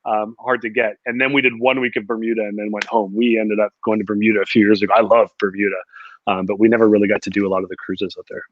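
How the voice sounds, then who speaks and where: A man's voice: fairly low pitch, flat delivery, fast, slight background noise. Chatty man telling stories, dull sound. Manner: chatty storyteller, laughs often. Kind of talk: casual chat.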